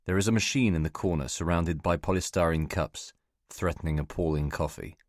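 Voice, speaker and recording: A man giving measured, scripted first-person narration of a novel for an audiobook. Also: low-pitched, dry recording, studio quality.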